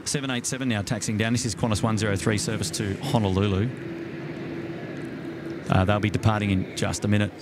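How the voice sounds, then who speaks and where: A man's voice: lowish voice, fairly even intonation, fairly quick, long pauses, background noise. An Australian man hosting a live stream outdoors at night by the water, chatting casually and greeting viewers by name with plenty of fillers.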